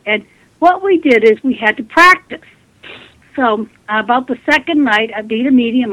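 A woman's voice: mid-range voice, no room sound, narrow, tinny audio. Earnest woman telling stories on radio. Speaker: guest, spiritualist medium. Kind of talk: storytelling interview.

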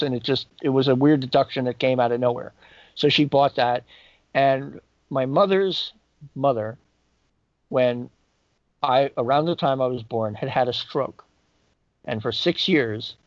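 Man telling a personal story, dull recording. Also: no echo. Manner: halting, reflective, jumps in pitch for quoted voices. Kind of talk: personal anecdote.

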